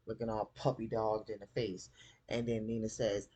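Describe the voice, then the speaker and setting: Husky male recap host, animated, jumps up to play characters. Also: brisk. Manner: animated, acts out characters' lines in raised pitch. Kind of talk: casual TV episode recap.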